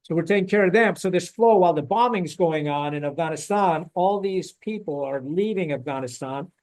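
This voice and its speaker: Man, former Marine officer, casual interview, blunt and salty, animated storytelling. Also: fairly high pitch, a little fast.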